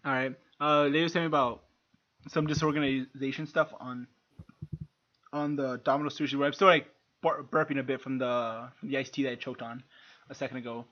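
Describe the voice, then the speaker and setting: A man's voice: medium pitch, little pitch movement, fairly quick, dull audio. A man co-hosting a podcast in casual chat, rambling and laughing often, swearing freely. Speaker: podcast co-host.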